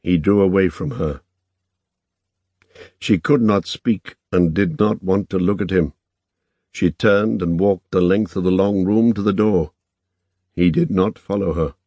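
A man reading a novel aloud in measured, even scripted narration. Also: sits low, no echo. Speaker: audiobook narrator.

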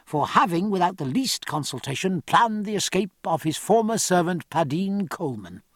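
Male audiobook narrator, lively intonation, slightly high voice, dry close recording. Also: no echo. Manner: expressive, measured literary reading.

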